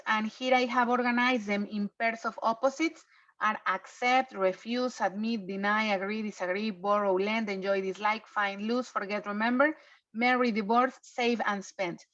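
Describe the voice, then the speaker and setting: Brief: woman English teacher, higher voice, patient "okay?" check-ins, muffled online class audio. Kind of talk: online class review lesson. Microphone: video call.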